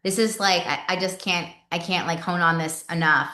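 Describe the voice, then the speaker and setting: Bright-voiced chatty woman trainer, echoey room. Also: fairly low pitch, steady tone, normal speed. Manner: chatty, repeats words, acts out sample messages. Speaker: sales team trainer. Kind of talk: casual team training talk.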